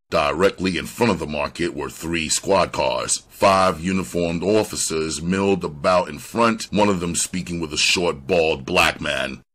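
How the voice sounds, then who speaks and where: A man's voice: deep voice, fairly bright tone. A man reading a crime novel aloud as an audiobook narrator, telling the story expressively. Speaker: audiobook reader.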